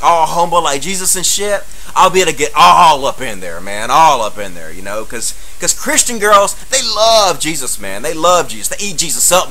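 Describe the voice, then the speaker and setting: A man's voice: a little high, sharp tone, a little hiss or hum, low-quality recording. A man, telling a profane, sarcastic comic story as a rant monologue. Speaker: comedian.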